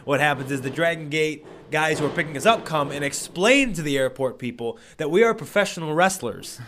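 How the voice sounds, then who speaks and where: Young guy, raised pitch, chatty storyteller, podcast guest, laughs between lines. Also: a little fast, fairly bright tone, a little hiss or hum. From United States. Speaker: pro wrestler guest. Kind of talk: casual podcast chat.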